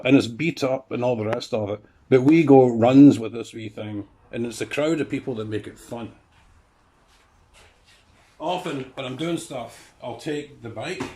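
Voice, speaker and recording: A Scottish man with a warm, medium-pitched voice chats casually about the classic car projects in his garage. It's a relaxed walkaround narration, and he wanders off into rambling anecdotes and asides.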